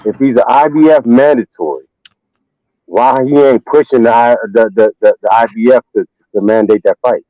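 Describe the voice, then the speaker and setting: A man's voice: mid-range voice, normal speed, no echo, muffled recording. A man on a boxing talk panel who stammers and repeats words as he presses his question in a heated casual debate. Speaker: guest panelist.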